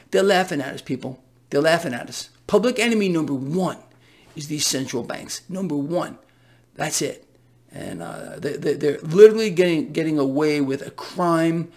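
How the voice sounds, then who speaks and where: A man hosting a casual market commentary vlog, talking in an emphatic, sarcastic, ranting way. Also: fairly high pitch. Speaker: financial commentator host.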